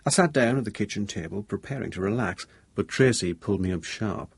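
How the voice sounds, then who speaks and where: A man narrating a thriller audiobook in first person, measured and low-key with a tense undertone. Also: lively intonation, creaky, breathy edge, no echo.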